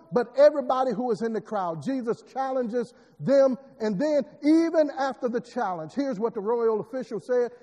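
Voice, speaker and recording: A man's voice: very high voice, mellow. A man preaching a sermon, repeating words and building emphatic rising lines. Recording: long hall reverb.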